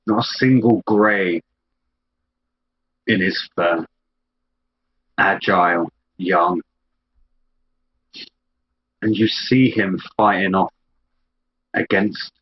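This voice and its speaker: A man narrating a tabletop role-play game as game master, telling the scene slowly and descriptively. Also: on the low side. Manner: slow, descriptive storytelling. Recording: dull lo-fi audio with faint background noise.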